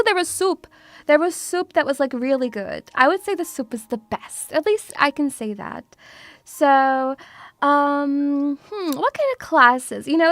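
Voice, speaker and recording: A woman's voice: high-pitched, a bit bright, dry recording. A woman from Russia chatting casually as a VTuber streamer, teasing and playful, calling her viewers sweetie. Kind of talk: casual chat.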